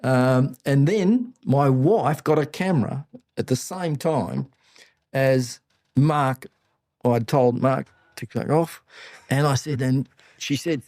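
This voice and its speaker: Older Australian male mentor, warm-toned, animated raconteur, dry close sound. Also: mid-range voice, a little slow, no echo. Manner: animated anecdotes, blunt and salty. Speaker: podcast guest, business mentor. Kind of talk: casual interview storytelling.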